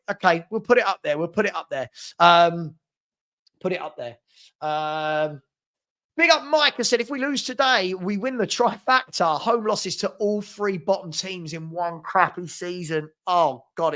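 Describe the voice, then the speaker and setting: A man's voice: high voice, fairly bright tone. A young man hosting a casual live football fan chat, reading comments aloud with lots of fillers and restarts.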